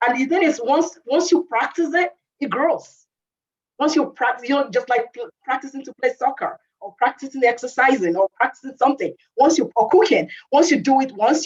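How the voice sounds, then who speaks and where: A woman's voice: on the high side, lo-fi sound. A woman who moved to Canada, giving a conversational motivational talk to young people, repeating herself and saying "you know" often. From immigrant to Canada. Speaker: youth workshop speaker.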